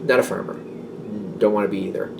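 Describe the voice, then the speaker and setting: A man's voice: lowish voice, fairly even intonation, fast talker, creaky, far from the mic, slight background noise. A man giving a casual tarot reading, rambling and self-doubting, with many fillers. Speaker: tarot reader.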